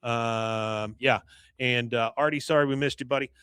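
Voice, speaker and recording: A man's voice: medium pitch, fairly even intonation, moderate pace, fairly bright tone, clear, resonant tone, no echo. A man co-hosting a podcast, casually retelling a cartoon episode and quoting its characters with frequent laughs. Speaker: podcast co-host.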